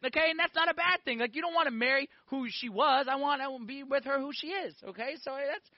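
Guy in his 40s telling his story at church, keeps saying okay and like, fast pace. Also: very high voice, dry recording, dull audio. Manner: animated storytelling with frequent "okay?" and "like". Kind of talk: personal testimony sermon.

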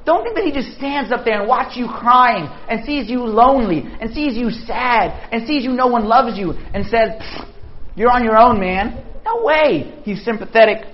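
A young adult man giving a lively, conversational sermon to young people. He tells animated stories and keeps checking in with his listeners by asking "okay?". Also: very high-pitched, moderate pace, few pauses. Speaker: pastor. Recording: dull lo-fi sound.

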